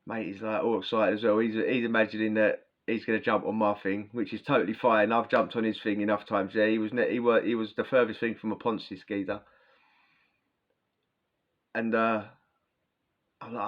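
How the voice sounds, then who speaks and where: Speaking straight to camera through its built-in mic, this man recounts his prison days in a steady, fairly low voice at a moderate pace, pausing often. It's a lo-fi recording full of rambling, slang, cursing and frequent "yeah?" tags.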